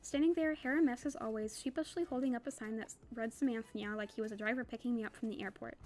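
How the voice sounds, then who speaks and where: A young woman reads a novel aloud for her book club, her voice sitting on the higher side. She reads at a rapid clip and breaks off for casual asides. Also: fairly even intonation, a little mellow. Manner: quick reading with casual asides.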